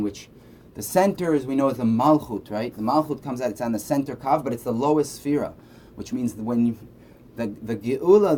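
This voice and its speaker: This Torah teacher has a warm, medium-pitched voice and keeps his lesson relaxed, sprinkling in frequent "right?" asides. There's a faint hum of background noise.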